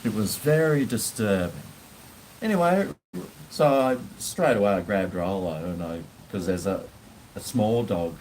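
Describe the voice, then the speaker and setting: A man telling a casual, rambling story, with frequent pauses and casual swearing. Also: fairly low pitch, animated, a little mellow, slight background noise, low-quality recording. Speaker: vlogger.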